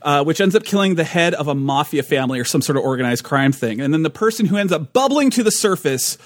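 A man's voice: a little high, animated, fast talker, no room sound. A man co-hosting a tabletop gaming podcast, chatting casually, rambling with restarts and laughing often. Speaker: podcast co-host. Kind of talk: casual chat.

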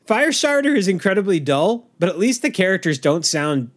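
Podcast co-host, male, exasperated ranting reviewer with a lively, high voice. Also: fairly quick. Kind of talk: casual movie-review chat.

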